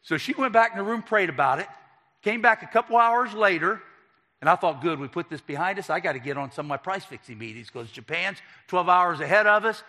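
A man telling his own story to an audience, animated and acting out the dialogue. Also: high voice, fairly quick. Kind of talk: personal testimony talk. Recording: long hall reverb.

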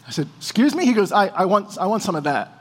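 A man preaching a sermon as a lively story, acting out the people in it. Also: sits high, quick pace, in a large hall. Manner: animated storyteller, acting out dialogue.

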